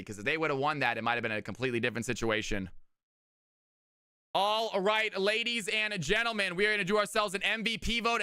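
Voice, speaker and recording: A man casting viewer games live on his stream in an energetic, hyped-up way, recorded at home on a close desk mic. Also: high voice, clean tone, dry recording. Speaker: streamer and caster.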